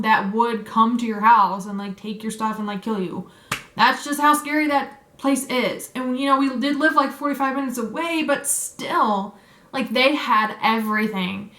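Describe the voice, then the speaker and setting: A young woman vlogger with a high-leaning, pushed and bright voice chats through an emotional story, leaning heavily on "like" and "um." It's casual story time, recorded in an echoey room.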